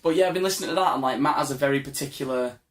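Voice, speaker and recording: A man's voice: medium pitch, rapid-fire. A young man, co-hosting a podcast at his house in casual, rambling chat, laughing and swearing freely. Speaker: podcast co-host. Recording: echoey room.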